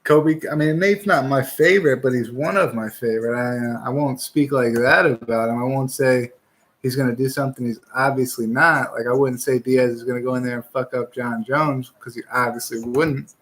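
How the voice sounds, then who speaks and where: A young man hosts a casual fight-picks show. His voice sits at an ordinary middle pitch. He talks bluntly and swears freely, pushing hard opinions in loose, rambling chat. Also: steady tone, normal speed, fairly bright tone. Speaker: podcast host giving fight picks.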